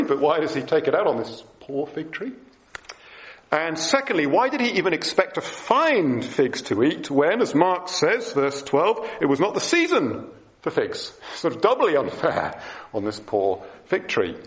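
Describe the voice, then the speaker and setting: Man preaching, middle-aged, lively and chatty, voice rises and falls a lot, fairly high. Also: moderate pace. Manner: chatty, self-deprecating, animated. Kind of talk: sermon.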